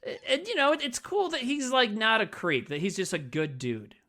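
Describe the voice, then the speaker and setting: A man with a gravelly, bright voice rambles through a film retelling in casual podcast chat. His pitch swings widely as he acts out scenes. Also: huge pitch swings, normal speed. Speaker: podcast co-host.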